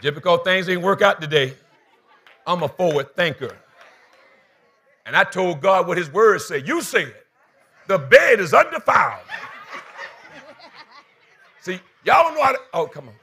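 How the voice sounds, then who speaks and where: A man's voice: high voice, animated, normal speed, long pauses, sharp tone, slightly rough. A man preaching a sermon as pastor, telling a comic story and acting out the dialogue with energy.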